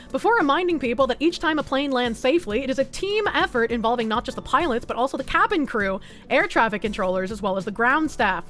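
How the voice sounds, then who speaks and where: A woman's voice: a little high, fairly bright tone. A young woman streamer reading an article aloud and reacting with blunt, sarcastic, swearing commentary.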